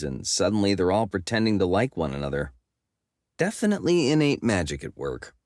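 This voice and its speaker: A man's voice: low voice, no echo, clean studio sound. A man narrating a comic fantasy audiobook in first person, wry and self-mocking.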